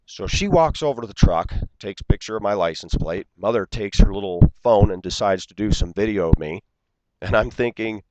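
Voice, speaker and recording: A man's voice: fairly low pitch, lively intonation, a little fast, warm tone, poor audio. A man in his forties telling an aggrieved story in an indignant, ranting way, acting out the dialogue. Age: 40s. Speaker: vlogger.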